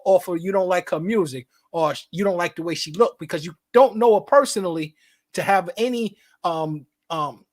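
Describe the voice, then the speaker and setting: A man's voice: sits high, fairly bright tone. A man co-hosting a casual live stream, joking and freestyling at times and speaking earnestly at others, often repeating words as he stumbles. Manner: playful, riffing and freestyling, then earnest. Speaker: co-host.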